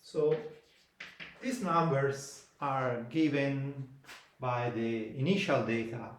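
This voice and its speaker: A man giving a mathematics lecture, slow and halting, pausing between phrases. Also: medium pitch, fairly even intonation, slight background noise. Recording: echoey room, voice from far off.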